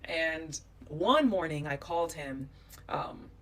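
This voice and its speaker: A woman from the United States telling stories to camera, animated and emphatic. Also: deep voice, slow pace, far from the mic. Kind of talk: storytelling vlog.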